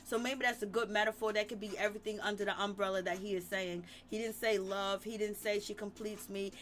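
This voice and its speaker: A woman's voice: medium pitch, fairly even intonation, a little fast, fairly bright tone. A woman hosting a live-stream recap of reality TV, chatting animatedly and laughing often as she retells the drama. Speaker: reality TV commentary host.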